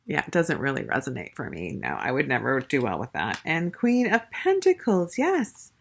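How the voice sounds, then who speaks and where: A woman's voice: very deep voice, wildly swooping pitch, normal speed, vocal fry, slightly rough. A woman casually reviewing a tarot deck, gushing and chatty, with lots of fillers and restarts. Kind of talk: casual show-and-tell review.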